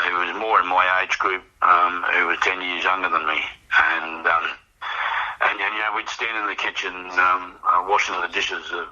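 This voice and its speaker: An older Australian man, appearing as a guest, tells his personal recovery story in a rambling, reflective way, often repeating words as he goes. His voice sits low and sounds pushed and bright, though the audio is dull.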